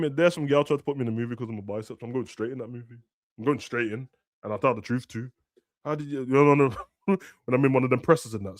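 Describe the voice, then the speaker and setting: A young man, ranting and joking as a streamer during a football watch-along, now and then shouting. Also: mid-range voice, no echo, clean studio sound. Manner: ranting, slangy, bursts of shouting. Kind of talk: casual chat over a live match.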